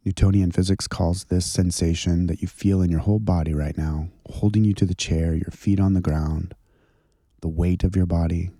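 A man with a very low, gravelly voice leads a guided contemplative prayer. His tone is dark and husky, slow and gentle. The sound is dry and close. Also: steady tone, no room sound. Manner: slow, gentle, soothing guidance. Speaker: pastor leading guided prayer.

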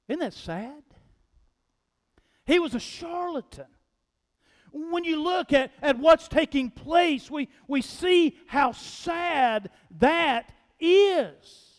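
A male pastor preaching a sermon in a church, animated and emphatic, speaking straight to his congregation. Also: extremely high pitch. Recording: long reverb of a large hall.

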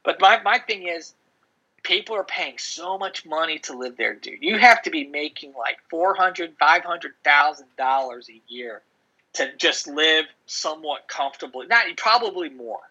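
A man's voice: fairly high pitch, animated, moderate pace, pushed and bright, slightly rough. A middle-aged man chatting casually on a podcast, telling rambling stories full of restarts and "dude". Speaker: podcast co-host. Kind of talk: casual chat. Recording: dull lo-fi audio.

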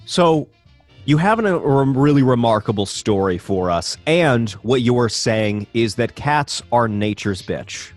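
A man's voice: mid-range voice, expressive, a little slow, dry recording, faint music behind. A man co-hosting a podcast, teasing his co-host in casual chat. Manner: teasing, playful interviewer.

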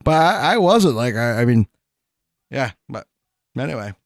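A man's voice: medium pitch, very animated, moderate pace, gravelly, no room sound. A man co-hosting a podcast in casual chat, rambling and hesitant, often restarting his sentences. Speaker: podcast co-host.

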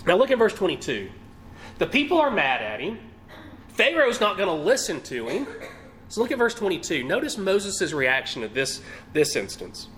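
Animated, high-voiced male preacher. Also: moderate pace, a little hiss or hum. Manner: animated, rhetorical questions, acts out quotes. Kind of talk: sermon teaching.

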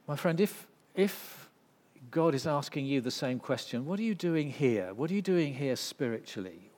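A man delivers a sermon in a slightly high voice, surging to loud, intense peaks and then dropping to a hush. A long hall reverb trails behind every word. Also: animated, normal speed. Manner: dramatic swings from loud to hushed. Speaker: preacher.

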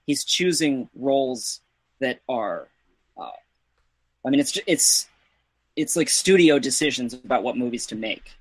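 A man's voice: medium pitch, expressive, unhurried, long pauses, breathy edge, no echo, low-quality recording. A man co-hosting a casual movie-review podcast, rambling a bit and trailing off with fillers. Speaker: podcast co-host.

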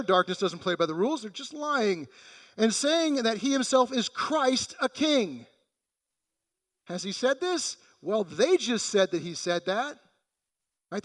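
A man's voice: high-pitched, fairly bright tone, long reverb tail. A man preaching a sermon in a conversational way, acting out the quoted voices in the passage. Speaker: pastor.

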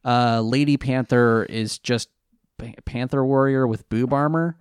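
A man's voice: unhurried, clear, resonant tone, no room sound. Man, podcast co-host, casual rambling recap, dry close recording. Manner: rambling, hesitant recap that jumps up in pitch on excited questions. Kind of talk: casual chat.

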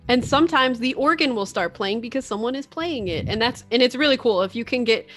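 A woman's voice: fairly high pitch, expressive, fairly bright tone, faint music behind. A young adult woman co-hosting a podcast, reading out facts in casual chat. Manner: reads facts, then chimes in with quick reactions. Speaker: podcast co-host.

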